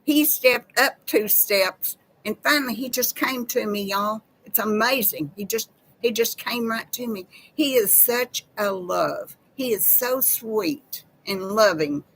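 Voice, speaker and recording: A woman's voice: a little high, measured pace, a bit bright, slight background noise, poor audio. A woman, hosting a casual live chat with viewers in a folksy, chatty way. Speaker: live-stream host.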